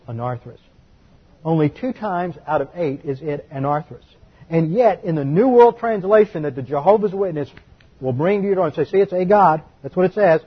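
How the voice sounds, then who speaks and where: A man's voice: on the high side, slightly rough. A man preaching a teaching sermon, emphatic and methodical, spelling out terms and repeating figures for his listeners to note down. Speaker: pastor. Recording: dull lo-fi recording.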